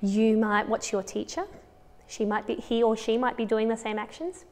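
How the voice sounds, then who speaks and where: A woman's voice: fairly high pitch, level tone, normal speed, darkish tone, long reverb tail. A woman with an Australian accent teaching a children's music lesson, counting patterns aloud and encouraging the class.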